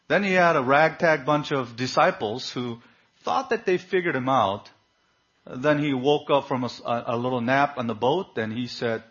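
A man preaching a sermon, reading scripture and swinging between hushed and loud, fervent delivery. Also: medium pitch, expressive, moderate pace, slightly rough. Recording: dull lo-fi recording.

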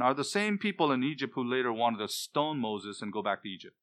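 A man delivers a sermon in an impassioned, emphatic style, his voice pushing hard to loud peaks on the points he stresses. His tone is bright and forceful, and his pitch sits in the middle range. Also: a little fast, hardly any pauses. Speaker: preacher.

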